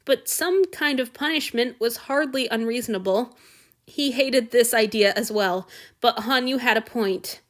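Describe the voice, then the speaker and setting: A woman narrating a story aloud in a steady, expressive reading style. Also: fairly high pitch, a little slow. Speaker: reader. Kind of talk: audiobook narration of fan fiction.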